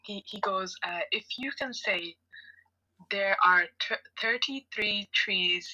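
A woman's voice: medium pitch, unhurried, bright, forceful tone, slightly rough, rough recording. A woman co-hosting a podcast, teasing and laughing in casual chat. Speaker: podcast co-host.

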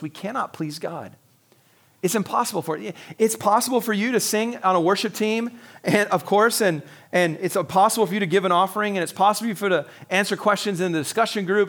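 A male pastor preaching a sermon in a relaxed, conversational way, acting out little dialogues and laughing now and then. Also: high voice.

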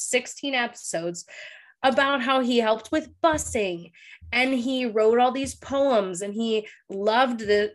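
A young adult woman co-hosting a casual recap podcast, emotional and tearful, laughing through her crying. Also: on the high side. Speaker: podcast co-host. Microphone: studio microphone.

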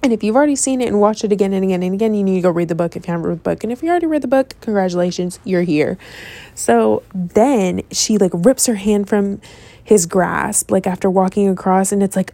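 Gravelly, rambling woman telling a story. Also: mid-range voice, quick pace, dry recording. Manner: rambling, animated, heavy swearing and filler words. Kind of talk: casual storytelling.

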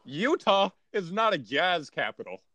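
A man's voice: high voice, sing-song, measured pace, bright, forceful tone. A man co-hosting a podcast in casual chat, making dry, mock-serious jokes. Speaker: podcast co-host.

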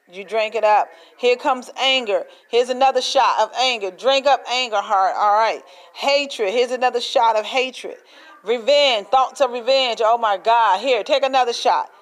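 A woman's voice: on the high side, rough recording. A woman preaching a sermon in an emphatic, repetitive way, acting out little scenes as she speaks.

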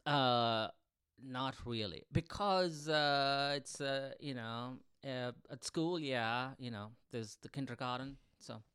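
A man with an Indian accent, a podcast guest who speaks hesitantly with lots of pauses. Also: medium pitch, clear, resonant tone, no echo, studio quality. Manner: hesitant, soft-spoken, lots of ums. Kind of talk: casual podcast chat.

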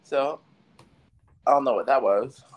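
A man's voice: medium pitch, unhurried, lo-fi sound. Laid-back man with short replies. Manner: laid-back, terse replies, stumbles over names. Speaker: podcast co-host. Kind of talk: casual recap chat.

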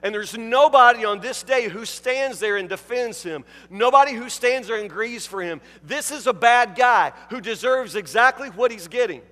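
A man delivers a sermon in a fairly high voice, driving points home with repeated words. He swings between emphatic lines and quiet, hushed passages. The sound trails off in a church hall with a long reverb. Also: expressive, moderate pace, few pauses. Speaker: pastor.

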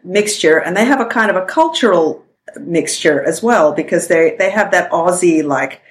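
A woman's voice: on the low side, lively intonation, moderate pace. A woman from the former Soviet Union, a guest on a podcast, chatting candidly with lots of laughter. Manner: candid, laughing, quotes people in put-on voices. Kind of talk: casual chat.

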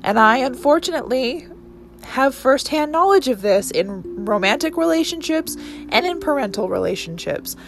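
A woman's voice: sits high, lively intonation, moderate pace. A woman in her twenties hosting her own podcast, talking earnestly and emotionally in a rambling monologue full of restarts. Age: 20s. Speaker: podcast host. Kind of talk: casual solo podcast monologue.

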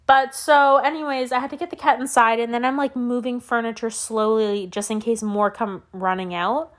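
A young woman hosting a solo podcast, telling a story as a profane, animated rant that swings up and down. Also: fairly high pitch, moderate pace. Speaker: podcast host.

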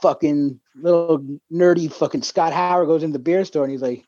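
A man's voice: on the high side, fast talker, few pauses, warm tone, no room sound. A man co-hosting a podcast, telling a rambling story full of swearing in casual chat. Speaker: podcast co-host. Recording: dull lo-fi dry sound.

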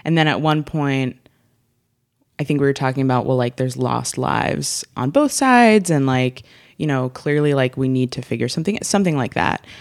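A woman's voice: extremely low pitch, normal speed, dry recording, clean studio sound. A woman of twenty-three in casual conversation as a guest, talking in a chatty way with many fillers and restarts. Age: 20s. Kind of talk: casual chat.

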